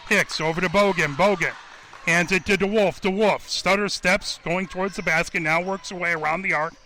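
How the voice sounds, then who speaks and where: A man with a high, forceful voice calls a basketball game for radio. He rattles off each pass in a quick running call and lifts his voice at every score. A faint hiss of noise sits under him. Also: steady tone. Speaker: radio play-by-play announcer. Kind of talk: basketball play-by-play commentary.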